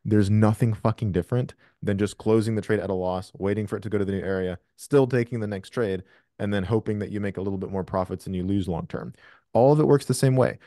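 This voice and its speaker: Blunt male coach, low-pitched, dry and close, swears freely on a video call. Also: quick pace, dark tone, dry recording. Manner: blunt and profane, emphatic. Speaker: trading coach hosting a call. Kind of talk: live Q&A coaching.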